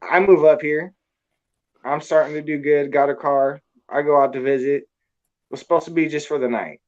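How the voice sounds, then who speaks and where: A man from California tells a story in casual, crude, profane language. His voice sits a little high for a man, and the recording is dull and lo-fi. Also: fairly even intonation, moderate pace. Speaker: storyteller guest.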